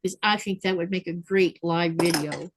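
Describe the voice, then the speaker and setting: A woman's voice: on the low side, fairly even intonation, moderate pace, background noise. A woman hosting a sewing livestream, chatting casually and reading viewer comments aloud. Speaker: livestream host. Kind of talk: casual chat while sewing.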